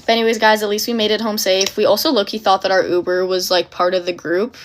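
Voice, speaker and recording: A young woman casually telling a dramatic story in an animated, breathless way, full of fillers. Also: mid-range voice, quick pace, a little hiss or hum.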